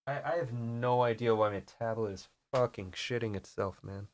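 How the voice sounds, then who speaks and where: A man's voice: mid-range voice, normal speed. A man hosting a casual comedic art tutorial, rambling and mock-serious, swearing in frustration at his equipment.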